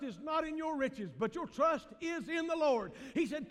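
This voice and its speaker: A man with a Southern US accent, a pastor preaching a sermon in a church, swinging from loud shouts to hushed low tones. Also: animated, moderate pace, few pauses, in a large hall. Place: church sanctuary.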